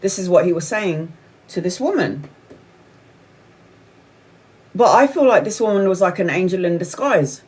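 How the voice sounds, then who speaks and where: A woman's voice: lowish voice, lively intonation, moderate pace, pauses often, darkish tone, husky, poor audio. A tarot reader, a woman, telling a story casually with many restarts and fillers.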